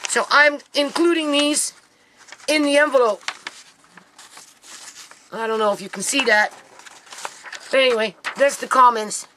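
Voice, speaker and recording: A woman's voice: high voice, unhurried, long pauses, sharp tone, slight background noise, rough recording. A grieving mother talking to camera in an emotional vlog, near tears, who keeps asking "okay?" and calling out to "people".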